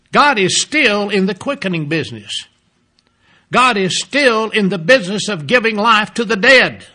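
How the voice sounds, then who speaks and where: A man preaching a sermon, emphatic, repeating key phrases and dropping low and soft toward the close. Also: husky.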